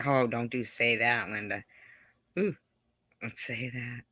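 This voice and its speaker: A woman's voice: extremely low pitch, takes it slowly, pushed and bright, dry recording. A middle-aged woman hosting a casual live stream, chatting with viewers in a rambling, giggly way full of fillers.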